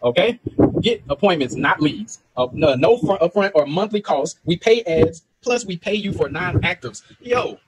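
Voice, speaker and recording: A hyped man talks to camera about business tricks in a slangy, joking way. His voice sits a little high. Loud background noise runs under everything he says. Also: animated, moderate pace. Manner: hyped, slangy, laughs often. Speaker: online business coach. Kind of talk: casual coaching talk to camera.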